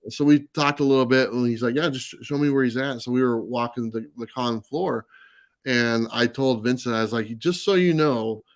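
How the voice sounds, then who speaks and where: On a live stream mic with no room sound, a comics channel host tells a long anecdote in casual chat, his medium-pitched voice moving at a normal speed. He's full of fillers and keeps restarting.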